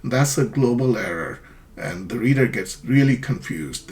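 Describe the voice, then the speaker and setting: A man's voice: mid-range voice, lively intonation, unhurried, darkish tone. A man teaching an English grammar lesson, explaining patiently and acting out example sentences.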